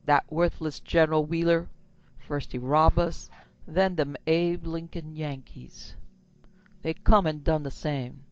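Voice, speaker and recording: A woman reading a horror story aloud, voicing a fierce old servant woman with a high, lilting voice. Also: steady tone, takes it slowly, no echo. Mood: resentful. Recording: slightly dull lo-fi recording.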